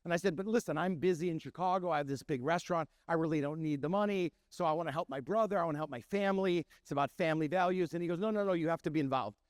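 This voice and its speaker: A middle-aged chef and restaurant owner from Milwaukee, Wisconsin, tells stories to an audience, animatedly acting out the voices of the people in them. His voice is fairly high and racing, with hardly any pauses, captured in studio quality with no room sound.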